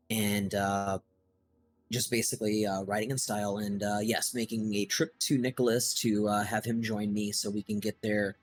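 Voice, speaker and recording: A man playing a tabletop game, talking in a relaxed way with many fillers. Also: on the low side, no echo. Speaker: player. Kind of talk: tabletop role-play.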